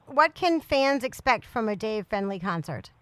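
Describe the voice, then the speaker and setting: A woman's voice: on the high side, big pitch swings, moderate pace, dry recording. A woman co-hosting a podcast, asking questions in a playful, teasing way. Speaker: podcast co-host. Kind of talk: casual interview.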